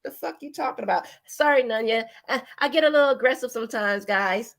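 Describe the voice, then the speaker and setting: Woman host reacting to a clip, blunt, curses a lot, kinda high voice. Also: brisk, gravelly. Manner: blunt, swears freely, talks back to clip. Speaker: channel host. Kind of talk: casual commentary reacting to a clip.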